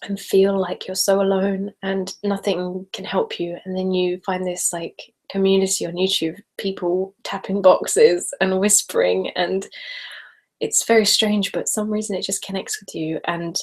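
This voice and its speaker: A woman's voice: medium pitch, little pitch movement, measured pace. Chatty, giggly woman on a live stream. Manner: chatty and giggly, speaks normally rather than whispering. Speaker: ASMR YouTuber hosting a live stream. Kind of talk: casual live-stream chat, reading viewer comments.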